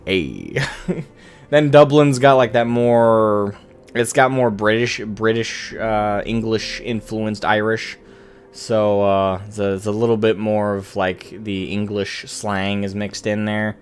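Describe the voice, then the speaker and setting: Low-voiced man rambling on stream. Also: slow pace, faint music behind. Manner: rambling, profane, self-correcting. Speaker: game streamer. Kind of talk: casual live-stream chat.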